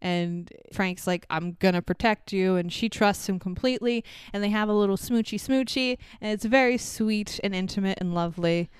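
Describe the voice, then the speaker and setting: Clear-voiced woman recapping a film. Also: mid-range voice, moderate pace, hardly any pauses, no echo, clean studio sound. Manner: animated, swears freely, acts out characters' lines. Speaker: podcast co-host. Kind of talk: casual movie recap chat.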